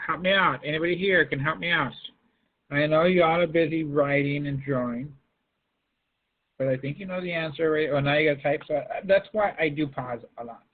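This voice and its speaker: A male math teacher leads an online lesson, calling on students by name and pressing them to respond. His voice sits a little high and husky. It comes through a tinny, phone-like line from a video call. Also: moderate pace. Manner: coaxing, calls students by name. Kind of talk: online class lecture.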